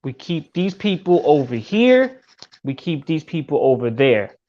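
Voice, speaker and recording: A man hosting a podcast who talks in a relaxed, casual way and swears now and then. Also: a little high, a little slow, muffled recording. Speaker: podcast host. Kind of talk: casual chat.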